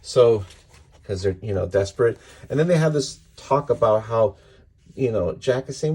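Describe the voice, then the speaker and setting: A man's voice: medium pitch, animated, normal speed, warm tone, husky. A man hosting a podcast, casually reviewing comics and retelling scenes in a rambling way, full of fillers.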